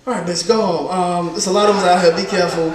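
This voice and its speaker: A man's voice: high voice, steady tone, quick pace, heavy reverb, distant mic, crowd noise, poor audio. Loose, profane stand-up comic man. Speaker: stand-up comedian. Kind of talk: stand-up set. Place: comedy club stage.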